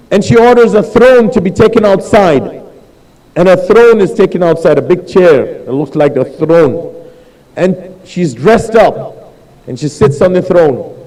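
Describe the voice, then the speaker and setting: High-voiced man telling a mourning sermon. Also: mellow, big-room sound, low-quality recording. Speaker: preacher. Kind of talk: sermon storytelling. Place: mosque hall.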